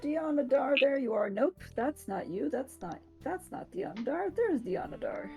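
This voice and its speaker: A woman's voice: high-pitched, sing-song, normal speed, gravelly, mellow, faint music behind. A woman narrating as game master in a casual online tabletop game, chatty and full of fillers.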